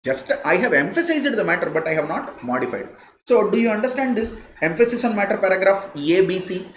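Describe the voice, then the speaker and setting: A man with an Indian English accent teaches a live class, leaning on his points by repeating them. His pitch swings widely as he stresses words. The sound is roomy and echoey, with a little background hiss. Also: big pitch swings, fairly quick. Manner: repeats key phrases, emphatic, conversational. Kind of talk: live online lecture. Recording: echoey room, faint noise.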